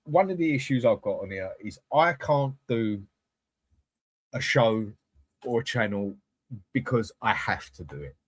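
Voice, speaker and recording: A man's voice: medium pitch, expressive, unhurried, long pauses, breathy edge, no room sound. A man hosting a live fan channel, chatting bluntly with viewers and swearing freely. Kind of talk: live-stream chat reading comments.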